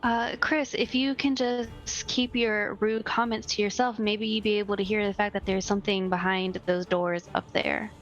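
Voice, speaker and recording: A woman's voice: mid-range voice, fairly even intonation, normal speed, few pauses, dull audio, faint music behind. A woman playing a tabletop role-playing game, teasing the other players. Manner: teasing, playful.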